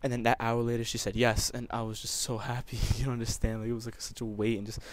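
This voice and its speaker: A man's voice: mid-range voice, level tone, fast. A young man telling a personal story over gameplay commentary, emotional and rambling, with many restarts. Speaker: gamer.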